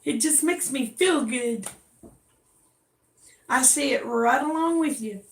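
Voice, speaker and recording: Gravelly Southern-drawling woman chatting. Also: high-pitched, slow. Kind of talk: casual chat. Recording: echoey room.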